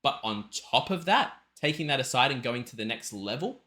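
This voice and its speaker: Australian man, reaction host, bright forceful voice, mid pitch, emphatic and rambling. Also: big pitch swings, a little fast. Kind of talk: reaction video commentary.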